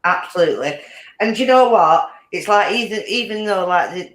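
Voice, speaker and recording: A woman's voice: low-pitched, fairly bright tone, echoey room. A woman hosting a casual chat, rambling along and laughing often. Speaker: podcast host.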